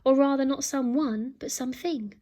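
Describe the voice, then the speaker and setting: A teacher, a woman, reading a children's book aloud with lively storytelling and acted sound effects. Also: sits high, moderate pace.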